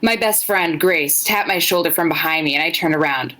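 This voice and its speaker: A young woman co-hosting a casual podcast, reading fan fiction aloud in a dry, blunt, joking way. Her voice sits low but has a bright, hard edge to it. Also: fairly quick, rough recording. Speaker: podcast co-host.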